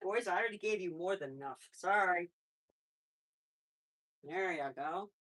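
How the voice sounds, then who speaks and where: A woman hosting a live stream about her pet rabbits, chatting casually and talking softly to the animals. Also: fairly low pitch, a little slow. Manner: chatty, rambling, with restarts; soft baby-talk to pets, often away from the mic. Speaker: pet channel host.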